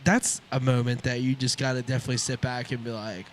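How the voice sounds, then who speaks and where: A man's voice: mid-range voice, steady tone, quick pace, hardly any pauses, faint music behind. A man co-hosting a casual podcast, easygoing and agreeable, recorded in an open shop. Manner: easygoing, agreeable, chiming in with "yeah". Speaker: podcast co-host. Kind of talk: casual chat. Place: open shop at a riverside shopping center.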